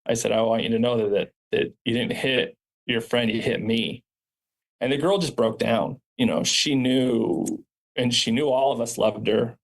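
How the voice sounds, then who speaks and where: A man, a charter school founder and principal, telling stories from his school in an earnest, reflective way with frequent restarts. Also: mid-range voice. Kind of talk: podcast interview storytelling.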